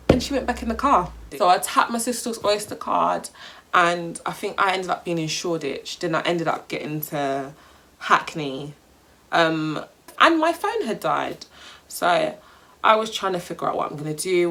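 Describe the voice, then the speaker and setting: Give me a young London woman telling a storytime vlog, bright and animated, slangy and swearing, with a lowish voice. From England. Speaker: vlogger.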